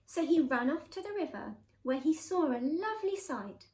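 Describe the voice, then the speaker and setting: A woman teacher reading a picture book aloud in an expressive, sing-song way. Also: high voice, moderate pace, few pauses. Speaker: primary school teacher. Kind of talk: storybook read-aloud. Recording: echoey room.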